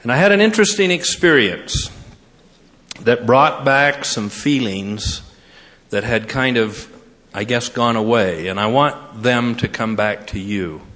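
A man's voice: medium pitch, a little slow, a bit bright. An older man from California giving a folksy, good-humored devotional address as guest speaker in a large auditorium. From Sacramento, California. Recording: long reverb of a large hall.

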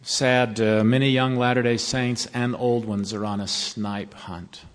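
A man giving a sermon to college students, telling a folksy story and then slowing to earnest counsel. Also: mid-range voice, steady tone. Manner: storytelling, turning slow and earnest. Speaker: devotional speaker to college students. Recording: long reverb of a large hall.

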